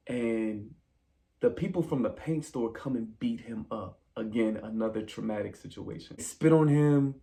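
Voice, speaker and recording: Male movie reviewer with a gravelly voice, casual and animated, talks to viewers like friends. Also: on the low side, moderate pace. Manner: animated storyteller, addresses viewers as "y'all".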